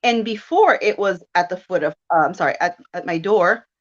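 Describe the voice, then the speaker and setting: A woman in her thirties telling a personal story in casual chat, animated and quick to laugh as she acts out her own thoughts. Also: lowish voice, dull audio. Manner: chatty and animated, with laughs and self-quotes. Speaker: guest.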